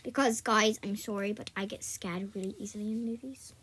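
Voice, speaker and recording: A woman's voice: medium pitch, fairly even intonation, fairly quick, fairly bright tone. A woman co-hosting a podcast in casual chat, playful and giggly, hopping from topic to topic. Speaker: podcast co-host.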